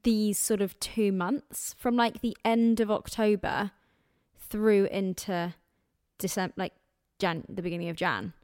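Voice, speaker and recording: A woman's voice: mid-range voice, steady tone, unhurried, darkish tone, dry recording, studio quality. A young woman co-hosting a podcast, chatting casually, exclaiming and laughing often. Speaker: podcast co-host. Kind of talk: casual chat.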